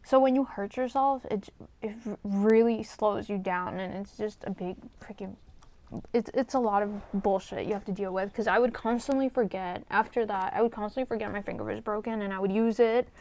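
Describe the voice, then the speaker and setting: A woman telling a personal story to her camera, her mid-pitched voice full of gravelly fry. She talks candidly and rambles, with plenty of fillers and swearing, in an emotional, confessional way. The sound is dry and close. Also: normal speed, a little mellow, no room sound. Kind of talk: casual storytime.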